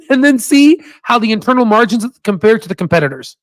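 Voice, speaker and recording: High-pitched guy going over stock charts, loose and jokey, swears a bit, super dry close sound. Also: big pitch swings, brisk, no echo. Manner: loose, joking, coaxing, swears casually. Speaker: investing channel host. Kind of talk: casual screen-share stock talk.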